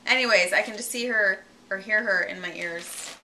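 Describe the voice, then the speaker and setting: A woman's voice: mid-range voice, moderate pace, pushed and bright, slight background noise. A woman hosting a home cooking demonstration in her kitchen, chatty and giggly, poking fun at herself as she works. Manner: chatty, giggly, self-deprecating. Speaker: cooking show host.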